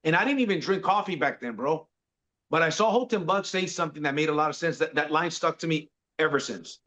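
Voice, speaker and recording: Guy in his 40s, chill story, bro every other line, slightly high voice, muffled lo-fi audio. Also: lively intonation, brisk, fairly bright tone. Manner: laid-back, peppers speech with "bro". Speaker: podcast guest. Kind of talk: casual storytelling. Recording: dull lo-fi sound.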